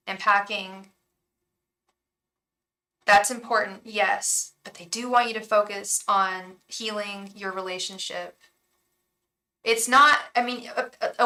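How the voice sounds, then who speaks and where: Bright-voiced woman reading tarot live. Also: medium pitch. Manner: warm, emotional, rambling with many restarts. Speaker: tarot reader.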